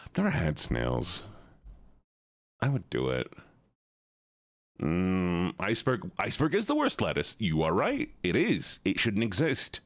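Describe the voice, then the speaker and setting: Male streamer, playful and chatty, very lively pitch, dry close mic. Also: unhurried, vocal fry, dry recording. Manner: playful, animated, chatty with viewers. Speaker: live streamer. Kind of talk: casual live-stream chat.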